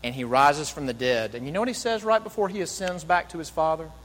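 A man preaching a sermon in an animated way, acting out quoted speakers and dropping to soft, low tones. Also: quick pace, big-room sound, rough recording. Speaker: pastor.

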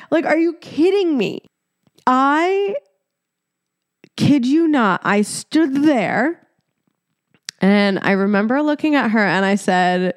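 A woman in her thirties, born in Egypt, hosting a solo podcast and telling a story in a lively, chatty way with frequent laughter. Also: sits high, no echo. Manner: animated storytelling, laughing often, casual swearing; talks directly to listeners as "your girl". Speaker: podcast host.

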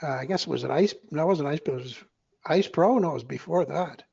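A man with a gravelly, creaky voice recalls old times in casual talk, with laughter between remarks. His voice sits a bit higher than most men's. The recording is dull and lo-fi. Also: quick pace, warm tone. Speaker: guest in a group conversation. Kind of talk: casual reminiscing.

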